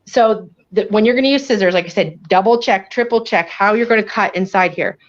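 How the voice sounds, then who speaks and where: A woman with a Western New York accent, a professional dog groomer, giving a chatty, animated grooming demonstration and checking in with "okay?" as she goes. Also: medium pitch, brisk. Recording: dull lo-fi audio.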